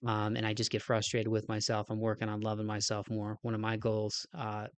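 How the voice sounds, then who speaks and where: A man with a somewhat low, flat voice and a nasal, stuffed-up sound, a little out of breath. He rambles earnestly through a casual podcast sign-off. The sound is dry and close. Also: brisk, clear, resonant tone, no room sound. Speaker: podcast host.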